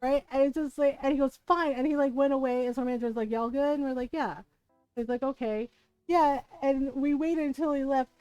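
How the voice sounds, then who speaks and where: A woman's voice: high-pitched, fairly quick, no room sound, dull audio. A woman streamer telling a long story in casual chat, acting out the people in it and laughing often. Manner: animated anecdote, acts out quoted voices, laughs often. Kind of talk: casual storytelling while gaming.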